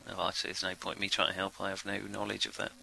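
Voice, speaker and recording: A man's voice: low-pitched, completely flat delivery, racing, vocal fry, pushed and bright, low-quality recording. A man playing a tabletop game, joking and laughing with the group. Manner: jokey, laughing. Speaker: player.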